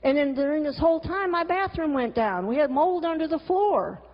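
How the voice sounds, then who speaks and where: Her voice sits high and animated at a normal speed as this middle-aged cartoonist and teacher tells frank stories in a talk with slides. She swears freely and adds exasperated asides, and the lo-fi recording carries a long hall reverb.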